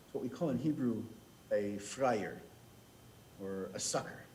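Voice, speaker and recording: An American man from the United States telling a humorous story as a rabbi leading services, with quick restarts. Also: on the low side, darkish tone, a little hiss or hum, rough recording. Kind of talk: storytelling sermon.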